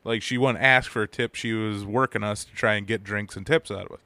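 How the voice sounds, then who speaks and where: A foul-mouthed podcast co-host with an Upper Midwest American accent, telling rambling stories. His voice is bright, and the room is dry and close. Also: lowish voice, fairly even intonation, a little fast, smooth, no echo. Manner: crude, rambling storyteller, swears a lot. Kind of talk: casual podcast banter.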